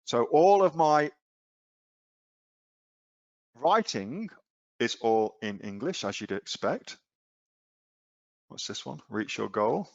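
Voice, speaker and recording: A man's voice: medium pitch, lively intonation, takes it slowly, vocal fry, long pauses, dry recording, highs cut off. Blunt casual Australian man teaching online. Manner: casual, blunt, peppered with rhetorical questions to viewers. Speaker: online selling coach. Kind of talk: live screen-share webinar.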